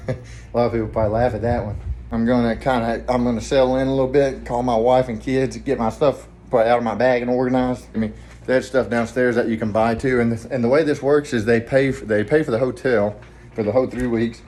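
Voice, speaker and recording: A man with a Southern US accent, talking quietly and rambling in a casual vlog from a hotel room. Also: mid-range voice, steady tone, fast talker, slight background noise. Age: adult, family man with kids. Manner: rambling, hushed so neighbors won't hear. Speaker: vlogger, trucking trainee.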